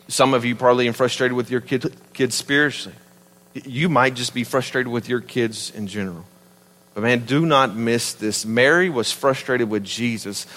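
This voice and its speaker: A man in his thirties with a Southern US accent, preaching a sermon in an animated, emphatic and conversational way. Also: mid-range voice, in a large hall. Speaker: pastor.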